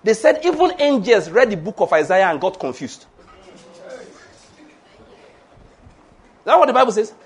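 A man preaching a sermon, animated and humorous, laughing often and acting out the voices he quotes. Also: high voice, a little fast, husky.

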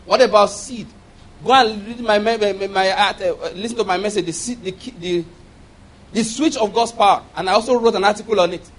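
A man's voice: high voice, normal speed. A man preaching a sermon, firing rhetorical questions at the congregation and repeating key phrases for emphasis.

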